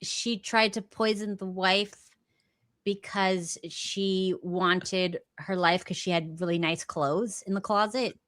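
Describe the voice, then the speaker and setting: A woman co-hosting a podcast, telling a story in a casual, gossipy, animated way and talking back sharply. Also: medium pitch, takes it slowly. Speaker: podcast co-host.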